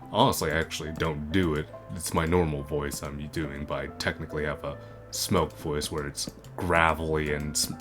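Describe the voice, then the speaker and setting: A man giving casual, rambling commentary while playing a video game, with lots of fillers and restarts. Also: a bass voice. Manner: rambling, full of fillers and self-corrections. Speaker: gaming video creator. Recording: game music playing underneath.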